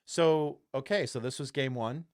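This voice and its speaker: A man co-hosting a casual sports podcast, talking as an earnest, animated fan. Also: mid-range voice, moderate pace, dry recording, studio quality. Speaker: podcast co-host.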